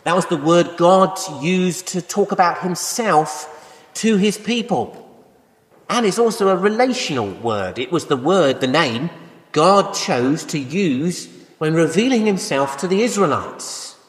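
Male preacher, lively, pitched a bit high, conversational sermon full of rhetorical questions, church hall with a long echo. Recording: echoey hall with long reverb.

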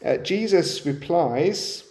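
A man's voice: on the high side, expressive, takes it slowly, dark tone, echoey room. A man preaching a sermon, often turning to the listeners with rhetorical questions.

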